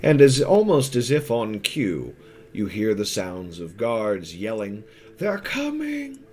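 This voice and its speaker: A man narrating a tabletop game as game master, in a measured, descriptive way. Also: fairly low pitch, animated, darkish tone, a little hiss or hum.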